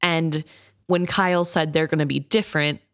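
Low-voiced woman in casual book chat. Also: fairly even intonation, normal speed, no room sound, studio quality. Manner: chatty, sympathetic, many "I think" asides. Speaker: podcast co-host.

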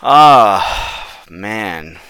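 A man's voice: lowish voice, animated, drawn-out words, pushed and bright, clear, resonant tone, dry recording, studio quality. A man co-hosting a podcast, talking casually and thinking aloud with hedges. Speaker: podcast co-host. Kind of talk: casual wrestling chat.

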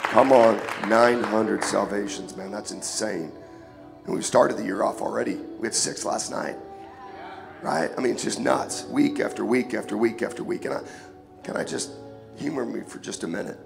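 A man preaching a casual, joking sermon in church, hoarse and sniffling from a cold, often calling for an amen. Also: lowish voice, normal speed, crowd noise. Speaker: guest preacher. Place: church sanctuary. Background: music.

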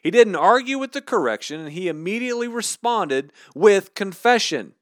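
A man's voice: high-pitched, lively intonation, moderate pace, dry recording, clean studio sound. A man hosting a podcast, teaching through a Bible passage in a casual, conversational way with slangy asides. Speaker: podcast host.

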